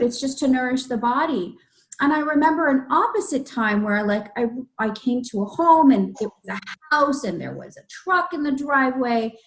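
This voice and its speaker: A woman's voice: on the high side, low-quality recording. A woman hosting an interview, sharing heartfelt stories from her volunteer deliveries. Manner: heartfelt storytelling. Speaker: interview host. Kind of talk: casual interview talk.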